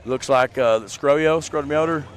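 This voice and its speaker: A man's voice: fairly high pitch, a little slow. A man with a Southern American accent, chatting easygoing live commentary at a demolition derby outdoors. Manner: chatty, easygoing, thinking aloud. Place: outdoors at a racetrack.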